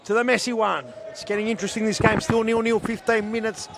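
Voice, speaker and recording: A man in his thirties with a Melbourne Australian accent, doing jokey live futsal commentary that jumps to shouts at big chances. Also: high-pitched, flat delivery, quick pace, creaky. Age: 30s. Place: indoor futsal stadium.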